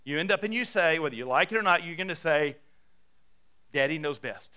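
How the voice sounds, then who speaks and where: A man's voice: a little high, lively intonation, quick pace, sharp tone, smooth. A man preaching a sermon in a conversational storytelling way, acting out quotes and asking his listeners questions. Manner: asks the congregation questions. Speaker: pastor.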